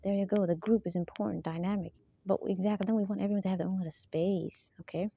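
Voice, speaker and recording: A woman's voice: mid-range voice, steady tone, quick pace, creaky, warm tone, a little hiss or hum. A woman in a rambling monologue who keeps asking for agreement and laughs between her points. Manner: rambling, repeatedly seeks agreement. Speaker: spiritual vlogger. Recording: dull lo-fi dry sound.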